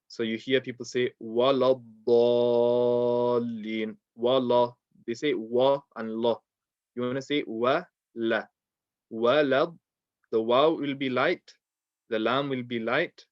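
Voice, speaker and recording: A man gives an online lesson on the rules of Quran recitation, keeping his explanations easygoing, saying um often, and voicing the sounds as examples. His pitch is medium, there's no echo, and the recording is dull, lo-fi, and dry.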